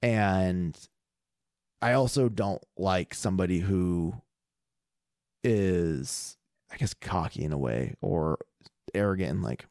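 A low-pitched young man chatting on a podcast, his voice rising and falling a lot as he rambles through a bar story. He swears freely and fills his speech with "like" and "you know." The sound is dry and close, with no room around it. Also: big pitch swings, slow, long pauses, darkish tone, no echo. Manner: loose, profane, storytelling with lots of fillers. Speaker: podcast co-host. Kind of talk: casual chat.

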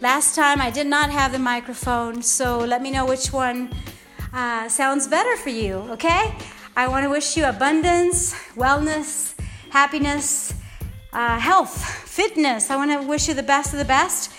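A woman's voice: high voice, a little slow, fairly bright tone, soft background music. A woman hosting a motivational podcast from home, talking off the cuff in a heartfelt, rambling, earnest way. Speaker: podcast host. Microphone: podcast microphone.

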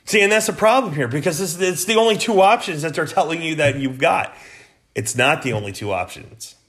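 A man's voice: a little high, animated, a little fast, a bit bright. Angry, foul-mouthed man ranting. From United States. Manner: profane, heated and blunt. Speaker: political podcast host. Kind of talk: angry political rant.

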